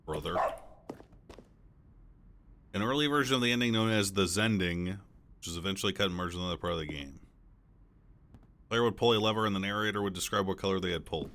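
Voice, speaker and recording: A man streaming a game, joking crudely and reading game text aloud quickly. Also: sits low, a bit bright. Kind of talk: casual gameplay commentary.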